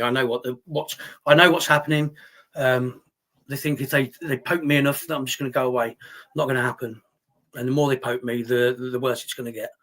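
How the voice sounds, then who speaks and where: A man's voice: mid-range voice, fairly bright tone. A middle-aged man hosting a live stream, reading chat comments aloud and answering them bluntly and argumentatively, swearing often. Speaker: livestream host reading chat.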